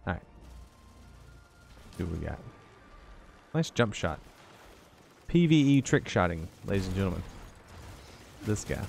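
A man's voice: deep voice, very animated, a little slow, creaky, long pauses, darkish tone, slight background noise. A tired man giving rambling, joking commentary to himself while playing a video game. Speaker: gaming YouTuber. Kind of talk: casual gameplay commentary.

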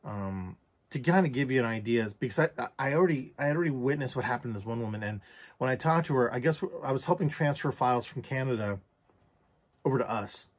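Man, mid-pitched voice, candid, reflective, casual swearing, personal vlog storytelling. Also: expressive, fast talker. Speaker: vlogger.

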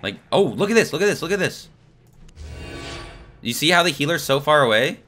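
Excitable young man streaming a game. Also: on the high side, fairly quick, soft background music. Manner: excitable, swearing, laughing, talks to chat. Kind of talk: live gameplay commentary.

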